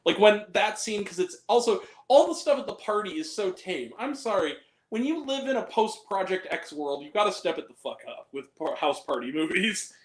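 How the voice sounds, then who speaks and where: Lively high-pitched man in an echoey room. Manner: animated, profane, quick to laugh and shout. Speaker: podcast host. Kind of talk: casual film review chat.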